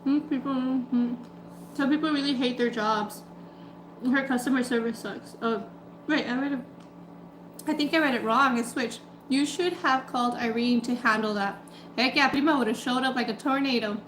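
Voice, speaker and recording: A woman's voice: high voice, normal speed, a little hiss or hum. Chatty woman telling a story in a roomy space. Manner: chatty, animated retelling with quoted voices. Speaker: food vlogger. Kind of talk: casual storytelling while eating.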